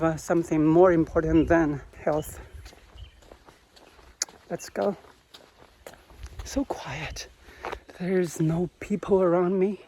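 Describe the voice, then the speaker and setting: A man giving running commentary outdoors in a quiet park while jogging, speaking in short clipped phrases with simple grammar. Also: high voice, slight background noise. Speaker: vlogger testing a running watch.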